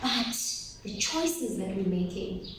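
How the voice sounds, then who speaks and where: A woman giving an animated motivational workshop talk to teenage girls, asking them questions and calling for their replies. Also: medium pitch, takes it slowly. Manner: animated, asks the audience questions and calls for replies. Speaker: workshop speaker for teen girls. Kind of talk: motivational talk to a live group. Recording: very echoey room, voice from far off, faint noise.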